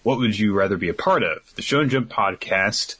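Young podcast dude, deep and kinda husky, bright forceful tone, keeps going off on tangents. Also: male voice, expressive, brisk. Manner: dry, rambling, goes off on tangents. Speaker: podcast co-host. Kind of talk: casual chat, reading listener questions.

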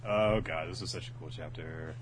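A man's voice: a bass voice, normal speed, a little hiss or hum. A man co-hosting a casual podcast, chatting about comic chapters. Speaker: podcast co-host. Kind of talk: casual manga discussion.

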